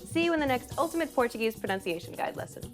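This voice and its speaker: A woman with a fairly high voice narrates a pronunciation lesson from a script. She explains each sound in a clear, even instructional manner. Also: rapid-fire, over music.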